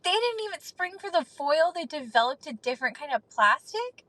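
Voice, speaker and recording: A woman's voice: high voice, very animated, normal speed, a bit bright, dry recording, low-quality recording. A woman co-hosting a podcast in casual chat, agreeing readily and giggling. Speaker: podcast co-host.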